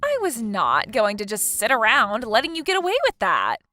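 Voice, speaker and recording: Woman as spiteful husband-stealer; high, bright, lively taunting voice. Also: moderate pace, dry recording, heavily acted. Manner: taunting, gloating, laughs mockingly. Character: smug scheming woman who stole her friend's husband. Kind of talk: text message story dialogue.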